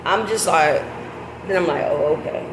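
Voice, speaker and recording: A middle-aged woman tells a story in a loose, animated way, swearing freely and jumping up into high laughter. The recording is echoey, with loud background noise and what sounds like passing vehicles. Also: moderate pace. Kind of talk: casual storytelling.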